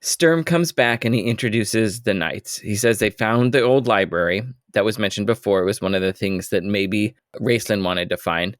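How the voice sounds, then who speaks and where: Relaxed man recapping a novel. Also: on the low side, normal speed, hardly any pauses, dry recording, clean studio sound. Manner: relaxed, asks questions, recaps plot. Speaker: podcast co-host. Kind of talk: casual book recap.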